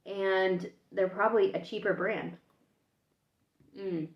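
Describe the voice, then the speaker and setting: An American food vlogger chats through a casual taste test, thinking aloud as she samples things. She speaks at a normal speed in a medium-pitched voice, recorded in an echoey room with dull, lo-fi sound.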